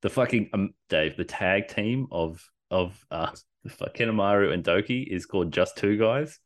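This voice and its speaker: A man with a very low voice talks in a loose, rambling way. He piles up fillers and drops the odd swear word as he chats casually on a podcast. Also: unhurried. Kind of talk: casual chat.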